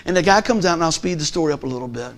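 Guy preaching his testimony, kinda high voice, acts out the quotes, gets loud then goes quiet. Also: lively intonation, very fast. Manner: storytelling with acted-out quotes, swings from loud to hushed. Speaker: gospel musician giving testimony. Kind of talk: animated testimony sermon.

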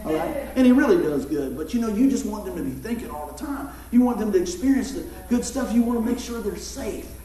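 Middle-aged pastor, folksy and joking, animated high voice, roomy distant church sound. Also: male voice, brisk, hardly any pauses. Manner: folksy, joking, talks to the congregation. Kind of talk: sermon. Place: church sanctuary. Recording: echoey church room, mic far off.

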